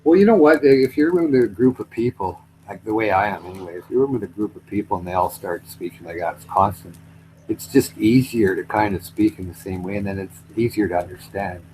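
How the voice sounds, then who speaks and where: A man with a Lancashire accent rambles through a casual chat, full of fillers and restarts. His voice sits fairly low, with a faint background noise under it. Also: fairly quick, a little mellow, rough recording. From Burnley, England.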